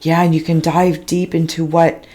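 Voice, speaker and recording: A woman giving a slow, halting spiritual reading, describing visions in a soft, emotional, dreamy way. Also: low-pitched, flat delivery. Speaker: intuitive reader.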